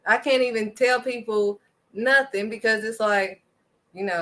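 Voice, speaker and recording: Woman, faith vlogger, forceful bright tone, slightly high, preachy and emphatic. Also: a little slow. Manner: emphatic, preachy, punctuates points with "period". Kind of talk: impassioned faith talk.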